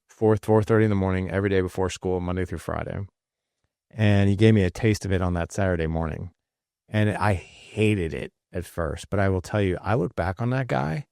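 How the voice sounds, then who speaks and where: A man's voice: low-pitched, darkish tone, no room sound, studio quality. A man in his late forties hosting a podcast, telling a personal story in a casual, rambling way with fillers and restarts. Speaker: podcast host.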